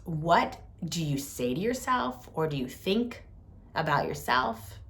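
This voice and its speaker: A woman hosting a reflective talk on compassion, speaking softly and deliberately with gentle pauses. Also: low-pitched, very animated. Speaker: host.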